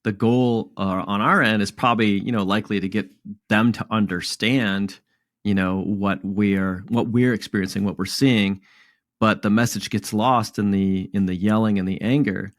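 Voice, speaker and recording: Low-voiced male podcast co-host, dry close mic, measured and reflective. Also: steady tone, no room sound. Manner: measured, reflective, restarts phrases. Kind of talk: casual conversation.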